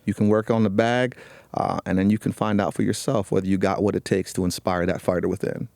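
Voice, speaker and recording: A man, a boxing coach and podcast guest, speaking in an earnest, measured, motivational way. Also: low-pitched, fairly even intonation, vocal fry, darkish tone, no echo. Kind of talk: casual podcast chat.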